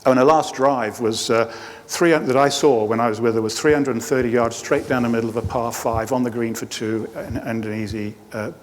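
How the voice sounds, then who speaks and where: Man, middle-aged, mid-pitched coach telling anecdotes to a crowd, voice ringing through a reverberant hall. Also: fairly even intonation, fairly quick, slight background noise. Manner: anecdotal storytelling with light humor. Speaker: performance coach giving a talk. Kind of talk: presentation to a live audience. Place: lecture hall.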